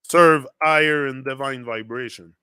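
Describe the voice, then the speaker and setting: A man's voice: mid-range voice, steady tone, measured pace, sharp tone, clear, resonant tone, dry recording, studio quality. A man with a French accent hosting a casual motivational livestream, rambling as he reads out viewer comments.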